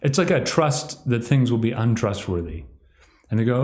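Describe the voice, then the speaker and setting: A man's voice: medium pitch, sing-song, normal speed, darkish tone. A man giving rambling solo commentary on a livestream, sardonic and mocking, sometimes slipping into exaggerated impressions. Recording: echoey room.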